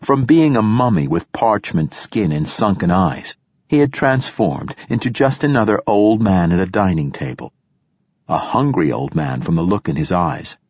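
A man narrating a novel in the first person, in a measured storytelling manner. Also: sits low, husky, no echo. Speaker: audiobook narrator.

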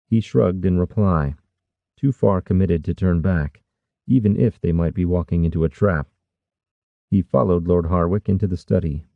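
A man narrating a fantasy audiobook in a measured, even storytelling manner. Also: low-pitched, creaky, no echo, lo-fi sound.

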